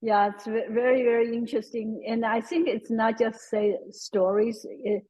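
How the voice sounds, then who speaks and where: Husky-voiced woman interviewer. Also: on the high side, steady tone, normal speed, dark tone, poor audio. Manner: hesitant, many restarts.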